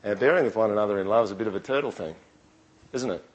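Earnest pastor preaching casually. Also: male voice, lowish voice, racing, lo-fi sound. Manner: conversational, earnest, with frequent restarts. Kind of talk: sermon.

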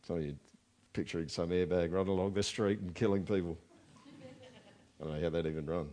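A man's voice: sits low, steady tone, a little fast, dark tone. A man preaching a sermon in a conversational way, often asking the congregation rhetorical questions. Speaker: pastor.

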